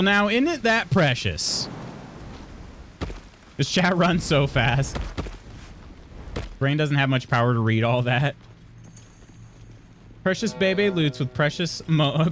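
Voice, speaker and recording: A man from Illinois casually chatting while streaming a video game, reading chat aloud and laughing often. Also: medium pitch.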